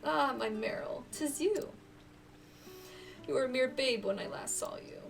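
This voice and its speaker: A gentle, sorrowful mother near death, as a woman reads her lines aloud. The voice sits high and soft, slow and hushed. It is heard through a mic set back from the speaker, with game music playing faintly underneath. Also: gravelly, recorded from a distance. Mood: tender, sorrowful.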